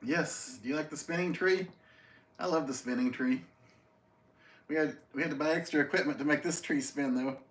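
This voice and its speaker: A man's voice: a little high, moderate pace, fairly bright tone. Chatty East Tennessee man greeting viewers. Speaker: livestream host. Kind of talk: casual livestream chat. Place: outdoors by a tree. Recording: roomy echo.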